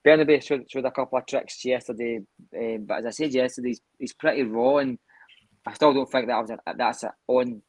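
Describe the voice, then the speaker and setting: Measured Scottish man, dry sound. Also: medium pitch, dry recording. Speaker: podcast co-host. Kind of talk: casual chat.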